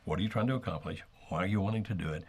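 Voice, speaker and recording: A man co-hosting a live call-in marriage advice show, calmly explaining what to do and acting out sample lines. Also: deep voice, rapid-fire, slightly rough. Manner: calm, explanatory, acts out sample dialogue. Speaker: marriage coach co-host.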